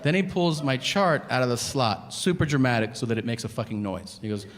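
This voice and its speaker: A man's voice: medium pitch, lively intonation, a little fast, long reverb tail. A man in his thirties doing a stand-up set, telling a story with exasperation and acting out the other people's lines. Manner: storytelling, exasperated, acts out dialogue with voices. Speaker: stand-up comedian. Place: comedy stage before a live audience.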